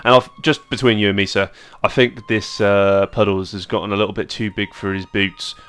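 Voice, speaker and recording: A man narrating as game master of a tabletop game, relaxed and descriptive. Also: lowish voice, fairly quick, clean tone.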